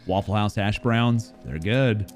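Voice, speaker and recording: A man streaming a video game live, chatting playfully and rambling, sometimes loud and sometimes mumbling. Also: lowish voice, slow pace. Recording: faint music behind the voice.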